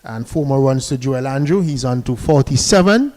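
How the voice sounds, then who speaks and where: A male cricket commentator with a warm, mellow, mid-pitched voice calls the play in a chatty, easygoing manner. Between deliveries he sends good-morning greetings to listeners, speaking expressively at normal speed with hardly any pauses.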